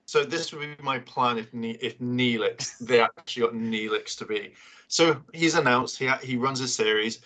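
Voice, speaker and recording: A man's voice: mid-range voice, normal speed, bright, forceful tone. A man co-hosting a casual watch-along chat, spinning a rambling, playful story. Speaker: podcast co-host.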